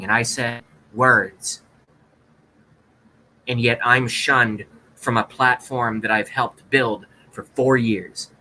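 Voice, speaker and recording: A man's voice: medium pitch, sharp tone, slight background noise, rough recording. A man hosting a livestream, speaking in a sarcastic, mock-dramatic rant to his viewers. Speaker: livestream host.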